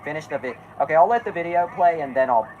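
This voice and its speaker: A streamer reacting aloud to a video, loud and excitable, swearing and laughing a lot. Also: mid-range voice, quick pace, narrow, tinny audio, slight background noise. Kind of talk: reacting while watching a video.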